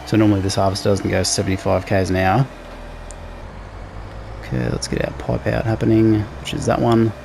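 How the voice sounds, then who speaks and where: A man hosting a casual let's play, relaxed and talking through each task as he plays. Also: lowish voice, a little fast, gravelly, long pauses, slight background noise. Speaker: gaming channel host.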